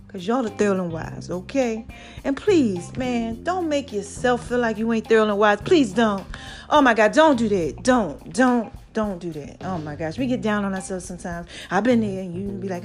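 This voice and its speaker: A middle-aged woman hosting a podcast, giving a casual motivational monologue, calling listeners baby and child, swinging from loud singsong exclamations to low murmurs. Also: expressive, normal speed, faint music behind. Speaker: podcast host.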